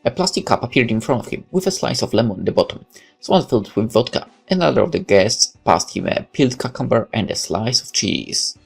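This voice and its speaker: A man's voice: on the low side, animated, fairly quick, vocal fry, slightly rough, faint music behind. A man reading a visual novel aloud as narrator, with occasional casual asides.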